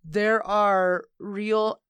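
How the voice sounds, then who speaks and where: A woman's voice: mid-range voice, very slow, smooth, no room sound. A woman in her late twenties telling swear-laden stories in a casual podcast chat. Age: 20s. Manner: animated storyteller, swears freely. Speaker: podcast co-host.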